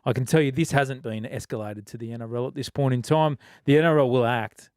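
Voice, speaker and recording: A man speaking as a sports reporter on a radio panel. He sounds earnest and halting, with filler words along the way. His voice sits at a middle pitch in a dry studio. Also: a little mellow, clean tone, no room sound. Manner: earnest, many fillers and restarts while reporting.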